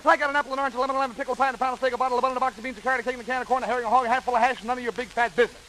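Guy doing a smart-mouthed little girl, squeaky and super fast, all attitude. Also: fairly even intonation, sharp tone, a little hiss or hum. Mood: sassy. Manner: sassy, tough-talking. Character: brassy, mouthy young girl Little Red Riding Hood.

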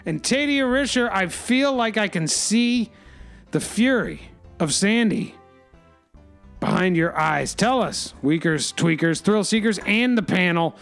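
Guy hosting a goofy news panel, kinda high voice, raspy and losing it, faint music behind. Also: takes it slowly, fairly bright tone. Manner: reads news items then riffs jokingly. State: losing his voice. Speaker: show host. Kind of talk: comedic news-panel banter.

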